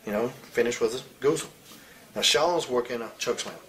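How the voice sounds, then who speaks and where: A man's voice: mid-range voice, moderate pace, fairly bright tone. A man in his forties, a former wrestler, talking bluntly and profanely in a candid interview, with faint hiss behind him. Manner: blunt, profane, heated storytelling. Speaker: retired pro wrestler as interview guest.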